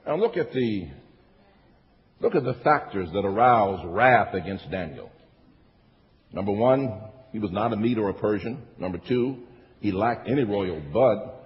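In a church sanctuary, a male pastor with a lowish voice, lively intonation and measured pace preaches to his congregation. He works the room with repeated phrases and call-and-response. The echoey church-hall recording sounds dull and lo-fi.

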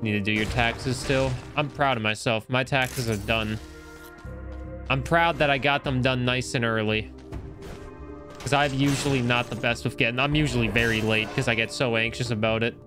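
A man's voice: mid-range voice, steady tone, normal speed. A young man from Canada chatting casually and rambling self-deprecatingly while streaming a game, a little tired. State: tired, yawning. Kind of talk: casual gameplay commentary. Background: game music.

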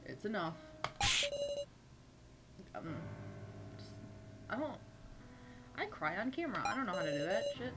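A woman's voice: mid-range voice, sing-song, moderate pace, pauses often, heavy background noise. A young woman hosting a game playthrough, giggling and rambling emotionally as she comments. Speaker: gaming video host. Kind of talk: let's play commentary. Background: loud game music.

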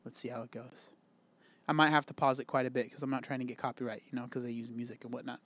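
A man's voice: medium pitch, little pitch movement, fast talker, fairly bright tone, no room sound. Chatty man giving dry reaction commentary. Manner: candid, chatty, thinks aloud with fillers. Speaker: reaction host.

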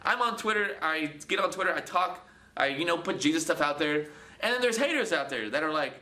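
A man with a high, bright voice preaches casually to his viewers as a Christian channel host. He is animated, slips into the voices of people he quotes and repeats words as he goes. The room around him sounds echoey. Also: a little fast.

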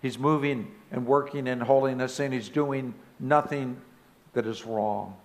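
A man's voice: mid-range voice, steady tone, unhurried. Emphatic male pastor preaching a sermon. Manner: emphatic, rising to loud exclamations. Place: church sanctuary.

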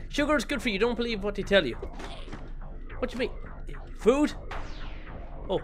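Excitable swearing male gamer. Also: extremely high pitch, normal speed, long pauses, faint music behind. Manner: excitable, swearing, mock-outraged. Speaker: gaming video creator. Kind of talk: let's play commentary.

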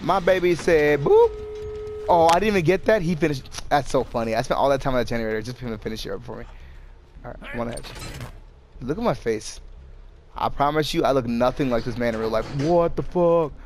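A man's voice: medium pitch, brisk, slight background noise. A young man giving casual, exasperated commentary over a game he is playing, swearing often and talking to himself and the game. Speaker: gameplay streamer.

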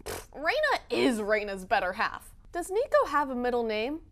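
A young woman hosting a comedy video, reading tweets aloud in quick playful voices with a sassy, dramatic delivery. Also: fairly high pitch, huge pitch swings, a bit bright. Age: young adult. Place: Boston.

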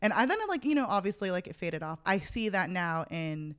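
A woman's voice: fairly low pitch, sing-song, a little fast, clean tone. A young woman hosting a casual podcast chat, talking freely, laughing often and acting out her own past thoughts. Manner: chatty, laughs often, quotes herself in asides. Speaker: podcast host.

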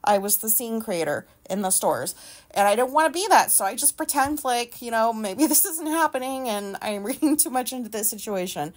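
Woman, podcast host, fairly high voice, swearing, rambling, animated rant. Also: normal speed. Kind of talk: solo storytelling rant.

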